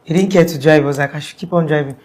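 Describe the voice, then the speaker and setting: Low-voiced Nigerian woman telling her story. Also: racing, darkish tone. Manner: rambling and conversational, with frequent "like" fillers and restarts. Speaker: interviewee. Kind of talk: casual spoken account.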